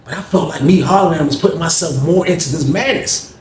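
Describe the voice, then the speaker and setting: Casual male storyteller from Norfolk, Virginia, slangy and animated, slightly high voice, echoey room. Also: quick pace. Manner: slangy, animated, says "man" constantly. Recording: echoey room, faint noise.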